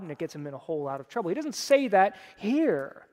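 A man's voice: sits high, big pitch swings, fairly quick, hardly any pauses, long reverb tail. A man preaching a sermon conversationally, putting on voices when he quotes people. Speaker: pastor.

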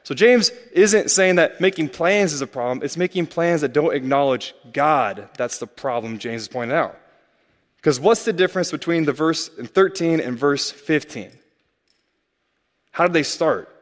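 Conversational preacher in a reverberant hall. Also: male voice, fairly high pitch, normal speed. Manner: conversational, asks rhetorical questions. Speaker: pastor. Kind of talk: sermon.

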